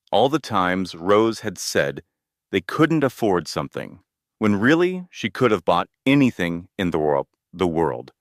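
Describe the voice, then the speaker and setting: Male narrator for a scripted drama story: low register, steady dramatic reading, dry close mic. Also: no room sound.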